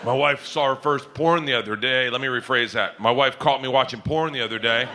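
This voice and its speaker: A man doing a stand-up comedy set on a stage, telling a story loudly, shouting punchlines and acting out the other voices. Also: mid-range voice, fairly quick, very noisy. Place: comedy stage before a live audience. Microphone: handheld stage mic.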